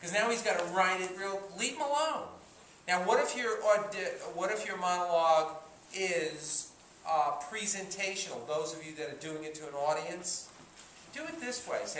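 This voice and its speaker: A man teaching an acting class, talking in an animated way and stopping often to act out lines as examples. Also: high-pitched, normal speed. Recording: echoey room from far off, faint noise.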